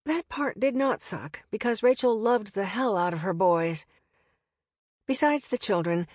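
A woman's voice: lowish voice, no echo, clean studio sound. Wry woman narrating an audiobook. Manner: wry and conversational.

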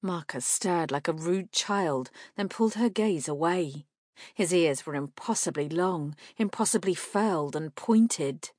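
Brief: woman audiobook narrator, lowish voice, steady and measured, dry close recording. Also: no room sound. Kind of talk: scripted fantasy narration.

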